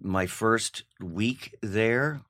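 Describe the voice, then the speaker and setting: A man, a podcast guest, telling an animated, self-mocking story about his past. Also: on the low side, very slow, faint music behind. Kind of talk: storytelling in conversation.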